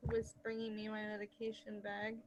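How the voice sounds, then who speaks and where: A woman hosting a video call interview, soft-spoken, asking plain questions, with the hiccups. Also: mid-range voice, monotone, moderate pace, muffled recording, slight background noise. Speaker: host.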